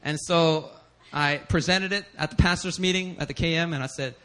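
A man preaching a sermon as pastor, telling stories animatedly with bursts of shouting and laughter. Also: fairly high pitch, steady tone, normal speed, clean tone.

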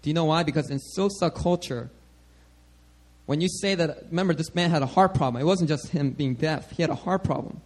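A man with a notably high voice preaching a sermon. He teaches in a loose, animated way. He keeps checking in with the congregation as he goes. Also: a little fast. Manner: animated, checks in with "all right?" often.

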